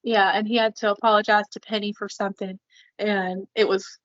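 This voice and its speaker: A woman co-hosting a casual podcast chat, earnest and quick to laugh. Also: medium pitch, little pitch movement, fairly bright tone, highs cut off. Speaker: podcast co-host.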